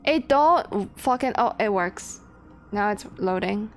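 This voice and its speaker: Greeting her chat with laughter and the odd swear word, a young woman rambles casually while streaming a game. She speaks slowly in a medium pitch with lively intonation, and faint game music hums behind her.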